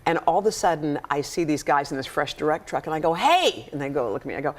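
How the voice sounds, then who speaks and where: A woman's voice: sits low, racing. A woman co-hosting a morning talk show in a studio, chatting casually. She tells stories with energy and jumps into little character voices for the people in them. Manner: animated storytelling, acts out voices in anecdotes. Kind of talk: casual chat. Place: television studio.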